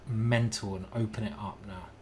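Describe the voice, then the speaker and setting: A man's voice: fairly low pitch, steady tone, normal speed, dark tone, slight background noise. A man giving casual live-stream chess commentary, thinking aloud and chatting with his viewers. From United Kingdom.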